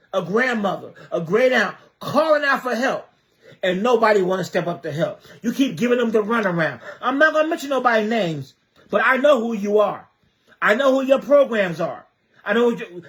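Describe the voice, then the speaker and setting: A man's voice: sits high, a bit bright. A man from the Trenton area of New Jersey, a community advocate giving an impassioned livestream monologue, pressing his points with repeated rhetorical questions.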